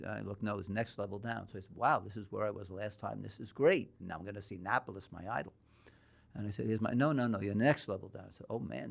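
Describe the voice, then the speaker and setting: There's vocal fry in the fairly low voice of this older man from New York, appearing as a guest on a podcast. The boxing historian rambles through anecdote after anecdote, voicing the dialogue out loud.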